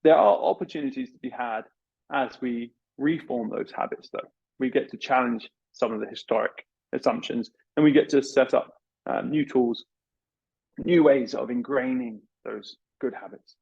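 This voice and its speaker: A man's voice: medium pitch, moderate pace, creaky, darkish tone, breathy edge, lo-fi sound. A man presenting a business session in an online webinar, talking casually and asking the audience rhetorical questions with many fillers. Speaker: veterinary business speaker.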